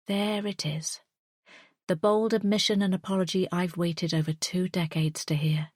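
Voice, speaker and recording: Low-voiced woman narrating a thriller. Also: fairly even intonation, dry recording, studio quality. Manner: tense, measured first-person storytelling. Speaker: audiobook narrator. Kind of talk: scripted audiobook narration.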